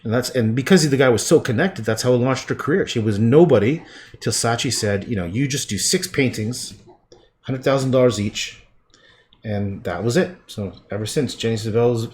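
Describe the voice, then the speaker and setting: A middle-aged man from Canada chatting casually while painting, with rambling, profane asides that often trail off quietly. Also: lowish voice, slight background noise. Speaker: livestreaming painter.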